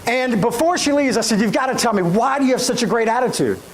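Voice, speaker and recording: A man's voice: extremely high pitch, fast, poor audio. A middle-aged man, giving a storytelling motivational keynote and speaking straight to the audience. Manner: animated, addresses audience directly.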